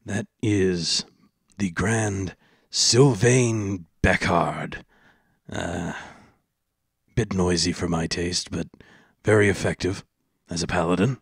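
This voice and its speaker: A man playing a weary knight officer with a low, husky voice who talks slowly and politely. He keeps his words measured and dry. The sound is close and dry. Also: no room sound, exaggerated voice.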